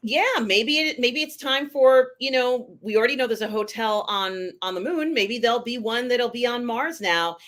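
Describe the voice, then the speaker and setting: A woman's voice: fairly high pitch, normal speed, hardly any pauses, a bit bright. A woman co-hosting a casual TV review chat, enthusiastic and chatty with lots of fillers. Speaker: podcast co-host.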